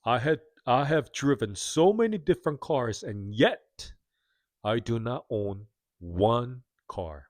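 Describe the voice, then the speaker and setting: A man's voice: mid-range voice, no echo, clean studio sound. A man in his thirties giving a candid, self-critical, earnest confessional monologue to his viewers. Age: 30s. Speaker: vlogger.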